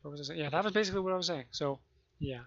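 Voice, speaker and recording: A man with the hiccups explaining gameplay in a rambling, halting way, often restarting and correcting himself. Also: fairly high pitch, fairly bright tone. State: has the hiccups. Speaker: gaming video creator. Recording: muffled lo-fi mic.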